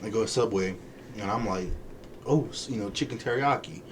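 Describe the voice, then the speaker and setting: A man's voice: on the low side, brisk, slight background noise. A man co-hosting a podcast, telling playful, jokey stories in casual chat. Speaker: podcast co-host.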